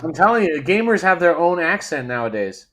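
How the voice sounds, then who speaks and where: A man with a fairly high voice, trading profane jokes in a casual podcast chat. He is from England and argues his point with playful insistence. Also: sing-song, brisk, background noise. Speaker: podcast co-host.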